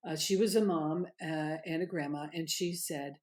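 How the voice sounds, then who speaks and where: Animated, emphatic middle-aged woman. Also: sits low, moderate pace, few pauses. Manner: animated, emphatic, laughs while telling stories. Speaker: guest, author and former candidate. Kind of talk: conversational interview storytelling.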